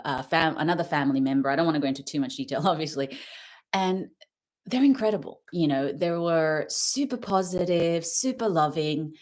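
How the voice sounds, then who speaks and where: A woman with a low-pitched voice talks through her thoughts in a casual, searching way, pausing often to find her words. She speaks as a meditation channel host, earnest and personal. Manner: earnest, searching, many fillers and restarts. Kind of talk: casual reflective monologue.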